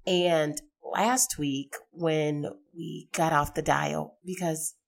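A middle-aged woman hosting a podcast, hoarse from a sinus infection, talking in a chatty, rambling way and laughing easily. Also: deep voice, steady tone, takes it slowly. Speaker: podcast host. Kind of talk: casual podcast monologue.

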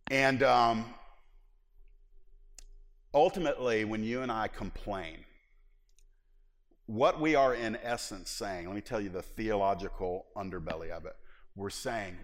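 A middle-aged man pastor preaching a sermon in a church, animated and humorous, acting out little scenes as he goes. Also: on the low side, big-room sound.

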